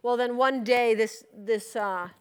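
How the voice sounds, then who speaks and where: A woman's voice: on the high side, fairly even intonation, unhurried, clear, resonant tone. A middle-aged woman who leads a church, telling a personal testimony in a conversational storytelling way and acting out what she once said. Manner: conversational storytelling, acts out her own past words. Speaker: church leader giving a testimony.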